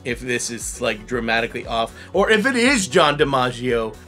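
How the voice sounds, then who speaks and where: A man, a voice impressionist, hosting a playful guessing game, animated and quick to laugh. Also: mid-range voice, over music. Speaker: voice impressionist, host.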